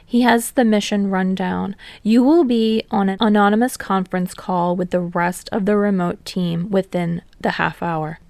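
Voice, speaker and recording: Woman as soft-spoken young receptionist. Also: mid-range voice, fairly even intonation, normal speed, gravelly, few pauses, no room sound, natural voice. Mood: polite. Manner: soft, pleasant, businesslike. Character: polite young female agency receptionist, soft and pleasant.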